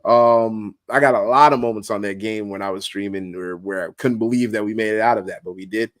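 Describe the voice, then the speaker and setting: A man guest streamer talking casually in an interview, relaxed and slangy with many fillers. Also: lowish voice, a little fast, dry recording.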